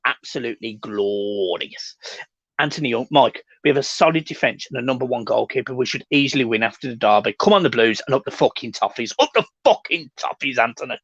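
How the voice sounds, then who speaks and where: A man's voice: mid-range voice, lively intonation, a little fast, fairly bright tone, breathy edge, dry recording, highs cut off. A young man hosting a fan livestream, reading out chat comments with sweary, laddish banter. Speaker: fan channel host reading live chat.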